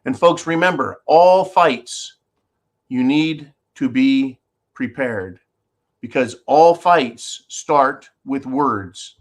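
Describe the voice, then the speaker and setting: A man's voice: medium pitch, drawn-out words. A man hosting his own show, giving sarcastic, combative commentary straight to his viewers. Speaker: show host. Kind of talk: opinionated commentary.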